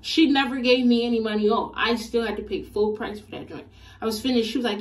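A young woman vlogger telling a casual storytime in an animated, slangy, exasperated way. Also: a little high, quick pace, distant mic.

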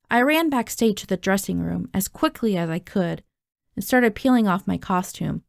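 A woman's voice: mid-range voice, expressive, moderate pace, creaky, no echo, studio quality. A woman reading a novel aloud, narrating expressively in the first person. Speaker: audiobook reader.

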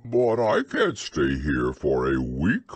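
A man voicing a gentle, gloomy male teddy bear in a storybook reading, husky and anxious, with slow, sniffling talk. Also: very deep voice, huge pitch swings, dry recording, pitched below the performer's own voice, full character voice.

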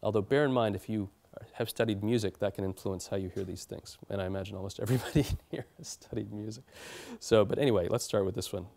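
Male lecturer, slightly low voice, explanatory academic delivery in a lecture hall. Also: fast talker, vocal fry, darkish tone. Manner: explanatory, with fillers and restarts.

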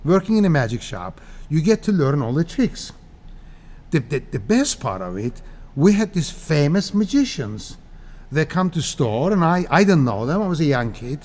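A man in his sixties from Cyprus, telling stories as a guest in a casual interview, animated and laughing often. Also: on the high side, moderate pace. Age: 60s.

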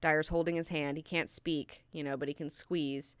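A woman's voice: low-pitched, flat delivery, normal speed, smooth, no room sound, clean studio sound. A woman hosting an online book class, recapping chapters in a chatty, profane way with lots of filler words.

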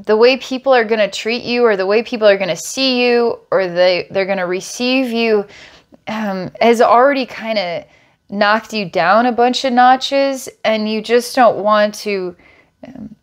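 Slow-talking woman psychic reader. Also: medium pitch. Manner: slow, searching, descriptive. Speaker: psychic healer. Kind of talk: energy healing reading.

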